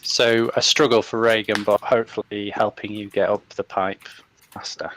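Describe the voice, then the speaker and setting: A man playing a tabletop game, relaxed, asking rule questions. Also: lowish voice, normal speed, rough recording. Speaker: player. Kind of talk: casual tabletop play.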